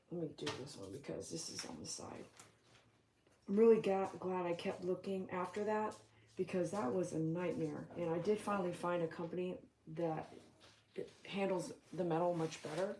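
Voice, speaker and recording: A middle-aged woman, chatting casually on a livestream, full of filler words and loud bursts when calling her dogs. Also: fairly low pitch, normal speed, a little hiss or hum. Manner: chatty, storytelling, lots of "like" fillers. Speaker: dog groomer and small business owner. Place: home patio.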